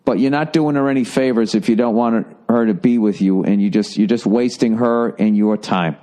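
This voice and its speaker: A man's voice: lowish voice, warm tone. Blunt, swearing man on a podcast. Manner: blunt and profane, lots of swearing; halting, with fillers and restarts before punchlines. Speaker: comedy podcast host giving listener advice. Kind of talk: casual comedic advice rant.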